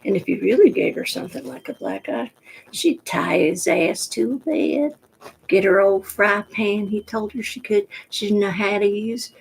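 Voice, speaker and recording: A woman from the New York Pocono area with a gruff voice, rambling frankly in a casual monologue to the camera. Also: medium pitch, moderate pace, poor audio. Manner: chatty, digressive, frank. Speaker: vlogger.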